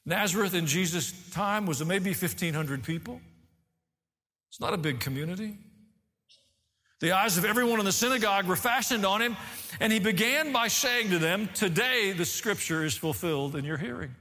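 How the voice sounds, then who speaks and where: A man preaching a sermon as pastor, animated, rising and falling as he teaches. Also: high voice, normal speed, pauses often, in a large hall.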